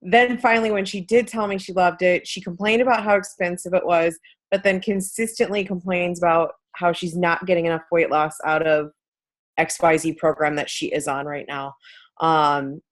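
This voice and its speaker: A woman's voice: fairly low pitch, fairly even intonation, normal speed. A woman coach on a casual team call, telling a story in a firm, no-nonsense way.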